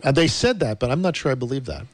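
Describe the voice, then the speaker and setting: A man's voice: medium pitch, big pitch swings, quick pace, dry recording. A man co-hosting a radio tech talk, asking questions and coaxing his partner along. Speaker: radio host.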